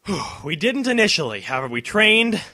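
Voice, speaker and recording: A man giving excited commentary over a video game playthrough, cheering at the big moments and talking to the characters. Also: high-pitched, brisk, no room sound, studio quality. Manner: talks to himself and to the characters. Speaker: let's play host.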